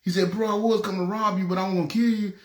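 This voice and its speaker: A preacher from North Memphis with a Memphis Southern accent, telling his testimony in an animated way and acting out the voices he quotes. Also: high voice, very fast, reverberant. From North Memphis, USA. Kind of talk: testimony storytelling.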